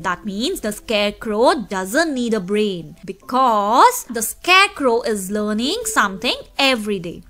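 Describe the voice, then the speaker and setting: A woman teacher with a slightly high, sharp-toned voice patiently explains a story, its words and their meanings, speaking to kids in her class.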